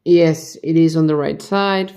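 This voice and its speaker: Tired woman muttering to herself over a model kit, slow and gravelly, kinda low. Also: steady tone, dark tone. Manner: muttering repeated questions to herself. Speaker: hobby vlogger building a model kit. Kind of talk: casual talk while building.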